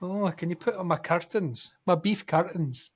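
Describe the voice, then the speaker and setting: A Scottish man putting on the high, sing-song voice of a cadging woman begging free drinks and favours. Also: moderate pace, slight background noise, close to an everyday voice. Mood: wheedling.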